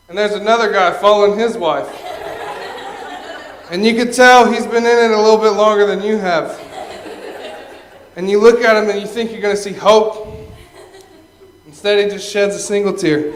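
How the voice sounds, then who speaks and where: A man's voice: high voice, slight background noise. A young man performing a stand-up comedy set, telling stories, tagging lines with "okay?" and laughing at his own jokes. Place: stage at a live venue. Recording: echoey live room.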